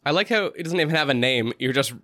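A man's voice: a little high, expressive, fast talker, bright, forceful tone, dry recording. A man co-hosting a podcast, chatting in a teasing way. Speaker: podcast co-host. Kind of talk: casual chat.

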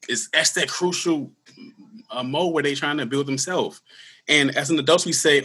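A man in his thirties telling his personal story in an interview, earnest and candid, with halting restarts. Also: a little high, bright, forceful tone, slightly rough. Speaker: guest; school security worker.

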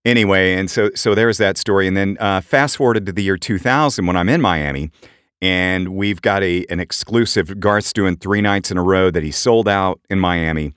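A middle-aged man co-hosting a podcast, telling animated anecdotes in casual chat and jumping up in pitch for quoted voices. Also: normal speed, clear, resonant tone, no echo, studio quality. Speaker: podcast co-host.

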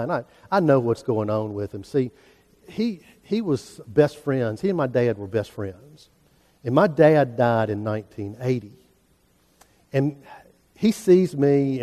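Folksy preacher in a reverberant church. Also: male voice, medium pitch, mellow. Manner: storytelling, folksy, earnest. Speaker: pastor. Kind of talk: sermon. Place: church sanctuary.

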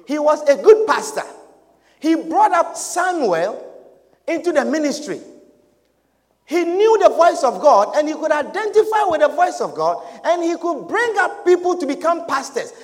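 A man with a very high, lively voice preaches slowly and deliberately, rising to shouted emphasis and trading amens with the congregation. His sermon rings out with a long reverb, as if it were recorded in a large church sanctuary. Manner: slow, emphatic preaching with shouted peaks and call-and-response amens.

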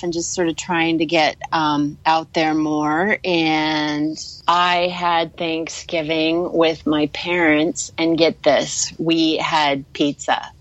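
Laid back comic lady, lowish voice, talks real slow, dry close mic. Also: dry recording, highs cut off. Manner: slow, easygoing, laughs often. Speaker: comedian and podcast co-host. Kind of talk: casual chat.

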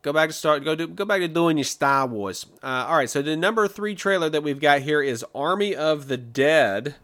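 A man's voice: on the high side, lively intonation, normal speed, a bit bright. A man co-hosting a podcast, chatting loosely about movie trailers with frequent restarts and fillers. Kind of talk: casual chat.

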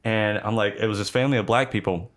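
A man's voice: on the low side, fairly even intonation. A man in casual chat who rambles through dream stories and laughs as he talks. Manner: fast, rambling, laughs while telling stories.

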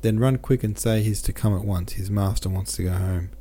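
A man's voice: fairly low pitch, fairly even intonation, brisk, dark tone, lightly acted. A man voicing a short-tempered middle-aged merchant consul who scolds a crowd. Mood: stern. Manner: curt, scolding.

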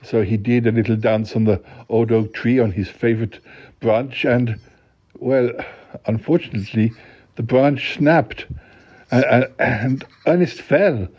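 A man hosting a podcast who tells a comic bedtime story in a deadpan, rambling way, full of halting restarts. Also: medium pitch, breathy edge. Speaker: podcast host. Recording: dull lo-fi recording.

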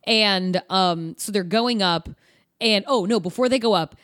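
A woman's voice: mid-range voice, measured pace. A woman co-hosting a podcast, casually recapping a movie with sarcastic, profane asides. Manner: animated, profane, sarcastic retelling. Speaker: podcast co-host. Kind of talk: casual chat recapping a film.

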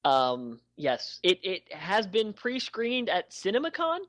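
A man's voice: sits high, huge pitch swings, takes it slowly, a bit bright, no room sound. Sarcastic man co-hosting, dry sound. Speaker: podcast co-host. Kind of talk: casual gaming podcast chat.

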